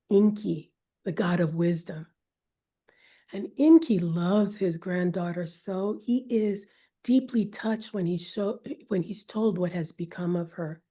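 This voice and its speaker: A woman storyteller retelling an ancient myth in a measured, dramatic way, sometimes dropping to a whisper. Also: medium pitch, mellow.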